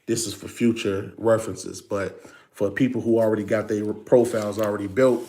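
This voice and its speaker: A man's voice: on the low side, steady tone, normal speed, mellow. A man hosting a casual livestream, greeting viewers over and over and explaining things in a loose, filler-heavy way. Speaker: livestream host.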